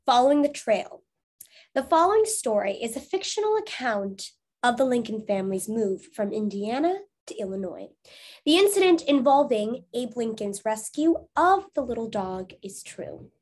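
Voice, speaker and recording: A woman teacher reading a storybook aloud to her schoolchildren at home, clear and patient. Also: fairly high pitch, sing-song, normal speed, a little mellow. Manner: clear, patient, asks the class questions.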